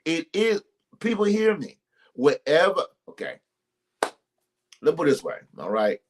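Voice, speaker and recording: Against slight background noise, a man hosts a ministry live stream and offers casual relationship advice at a measured pace. His sing-song voice is emphatic and repetitive like a preacher's, with sudden pitch jumps, and he greets commenters by name.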